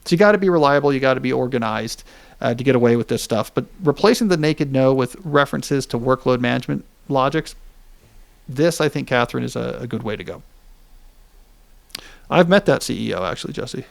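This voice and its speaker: A man's voice: mid-range voice, expressive, fairly quick, creaky. A man in his forties hosting a podcast, explaining ideas in casual chat with joking asides. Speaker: podcast host.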